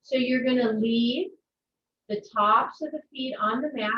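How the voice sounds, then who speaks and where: A woman guides a yoga class over a video call with slow, gentle, soothing instructions. She sounds distant from the mic in an echoey room, and the audio is muffled with faint background noise. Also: fairly high pitch.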